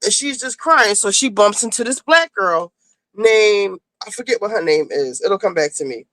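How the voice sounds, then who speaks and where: A woman's voice: medium pitch, animated, moderate pace, fairly bright tone, no room sound, rough recording. A woman hosting a casual talk show, rambling as she retells a TV episode and acts out the characters' lines. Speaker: podcast host.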